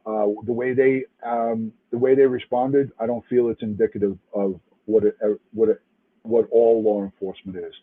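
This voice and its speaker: A man's voice: mid-range voice, level tone, moderate pace, slightly rough. A retired police detective from New York City, angry and emphatic, cursing and restarting as he comments to a live chat. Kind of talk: livestream commentary. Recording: tinny phone-like line.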